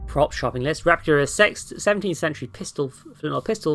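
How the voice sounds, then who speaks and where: A woman's voice: deep voice, lively intonation, brisk, hardly any pauses, soft background music. A young woman streaming a horror game with sarcastic, swearing commentary and playful asides. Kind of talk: casual gameplay commentary.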